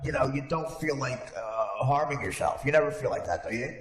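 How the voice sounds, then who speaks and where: Animated man in an echoey room. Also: medium pitch, brisk. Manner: animated, rambling, frequent restarts. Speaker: podcast host. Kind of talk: casual chat. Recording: echoey room with long reverb.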